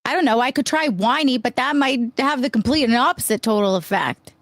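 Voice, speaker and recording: A female podcast co-host trading bawdy, playful jokes with her partner. Her voice is a little higher than most women's, and it is recorded dry and close. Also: expressive, brisk, no echo. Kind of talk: casual podcast banter.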